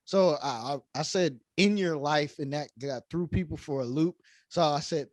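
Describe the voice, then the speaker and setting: A man hosting a podcast, chatting in a relaxed, enthusiastic way. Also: on the high side, normal speed, no echo, clean studio sound. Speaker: podcast host. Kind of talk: casual conversation.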